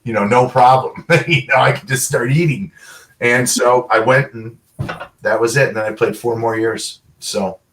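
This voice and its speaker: Man telling animated football stories. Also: mid-range voice, normal speed, recorded from a distance, poor audio. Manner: animated storyteller, quotes people in short dialogue. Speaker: guest, former pro football player. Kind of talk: casual storytelling interview.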